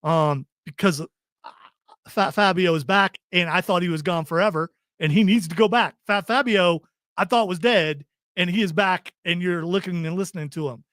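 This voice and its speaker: A man from Ohio co-hosting a casual podcast, reading stream comments with a joking, rambling manner and quick laughs. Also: high-pitched, a bit bright, dry recording, clean studio sound. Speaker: podcast co-host.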